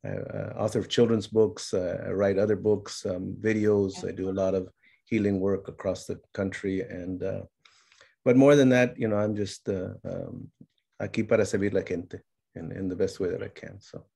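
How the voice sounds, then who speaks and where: A middle-aged man telling family stories in a reflective conversation, slipping Spanish phrases in among many fillers and growing animated as he goes. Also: low-pitched, moderate pace, vocal fry, husky. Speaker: speaker sharing his life's work.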